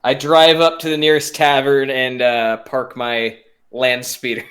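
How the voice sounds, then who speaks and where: A man playing a tabletop role-playing game in character, wry, halting, restarting often. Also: medium pitch, flat delivery, fairly bright tone. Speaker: player.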